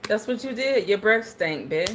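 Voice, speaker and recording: There's a little hiss or hum on the recording as a young woman, speaking at medium pitch and a moderate pace, hosts her livestream from home. She reads viewer comments aloud and banters casually, animated and jokey, often doing playful put-on voices.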